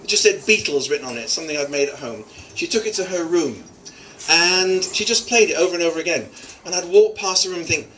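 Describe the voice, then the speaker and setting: A man's voice: on the high side, fast, a bit bright. A middle-aged man giving a joking father-of-the-bride wedding speech, teasing the guests. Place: wedding reception hall. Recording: distant, with crowd noise. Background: guests laughing and chattering.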